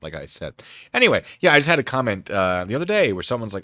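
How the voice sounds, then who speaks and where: A man's voice: fairly low pitch, huge pitch swings, fast talker, sharp tone, no echo, clean studio sound. A man hosting a live stream, chatting in a rambling, self-deprecating way at a desk microphone. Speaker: streamer host. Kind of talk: casual live-stream chat.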